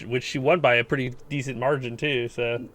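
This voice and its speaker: A man's voice: medium pitch, fairly even intonation, fairly quick, a bit bright. A man co-hosting a gaming podcast, joking and teasing in casual chat. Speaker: podcast co-host.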